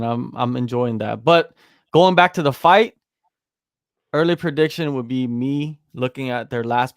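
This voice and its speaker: A man co-hosting a sports podcast in casual chat, talking in an animated, emphatic way and restarting his sentences. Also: medium pitch, no room sound, studio quality. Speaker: podcast co-host.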